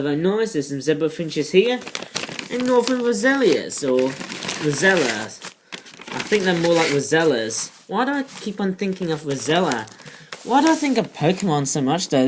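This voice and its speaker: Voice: medium pitch, a little mellow, a little hiss or hum. A toy reviewer in a casual vlog, rambling off topic with many ums and uhs. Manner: rambling, digressive, many fillers.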